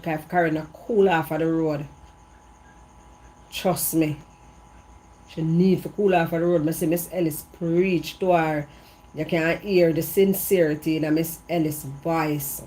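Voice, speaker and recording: A woman's voice: deep voice, steady tone, normal speed, warm tone, a little hiss or hum. A Jamaican woman in a casual gossip monologue, repeating herself for emphasis in patois, speaking outdoors in an evening breeze. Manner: repetitive, emphatic storytelling in patois. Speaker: vlogger.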